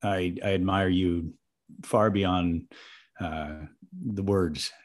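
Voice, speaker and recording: A man hosting a casual heartfelt conversation, affectionate and soft-spoken, pausing often with fillers. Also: low voice. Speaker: host.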